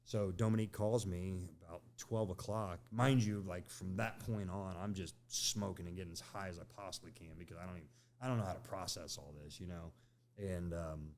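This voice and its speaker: A man's voice: sits low, steady tone, brisk, darkish tone, a little hiss or hum. A middle-aged man on a podcast, telling a candid personal story in a conversational way, often tagging lines with "right?" and "you know". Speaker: podcast guest.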